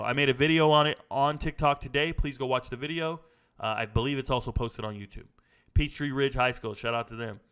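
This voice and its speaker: A man's voice: mid-range voice, bright, forceful tone, clean tone. A young man hosting a casual college football livestream, reading viewer comments aloud and answering them in a breezy way.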